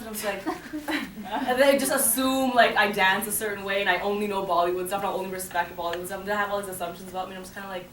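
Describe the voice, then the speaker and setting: A young woman rattles off her answers at a live Q&A, animated and quick to laugh. She is caught from far back in a big echoey hall, with faint noise around her. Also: mid-range voice. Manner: fast, animated, laughs often. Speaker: guest answering fan questions. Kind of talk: live Q&A talk. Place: large hall at a screening. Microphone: audience phone from far off.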